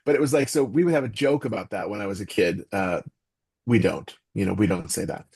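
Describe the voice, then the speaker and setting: Earnest, animated middle-aged man. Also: medium pitch, slightly rough. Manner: earnest, animated, with quoted asides. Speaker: podcast guest, author and voice actor. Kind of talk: casual interview talk.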